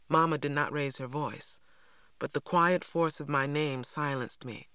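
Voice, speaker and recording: A woman's voice: low voice, clear, resonant tone, no echo. Woman reading an audiobook, dry and close. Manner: steady, measured storytelling. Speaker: audiobook narrator. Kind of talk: scripted narration.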